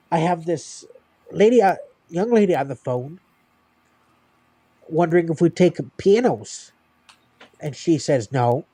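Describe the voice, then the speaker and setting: A man's voice: on the high side, no echo. A man, hosting a livestream and casually telling stories from his old retail job, acting out what customers and coworkers said. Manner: animated anecdote telling, acting out other people's lines. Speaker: streamer.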